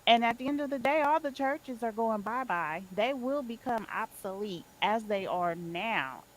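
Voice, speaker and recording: A woman in a casual group chat, blunt and unhurried, laughing between her points. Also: fairly high pitch, animated, slight background noise, poor audio. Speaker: podcast participant.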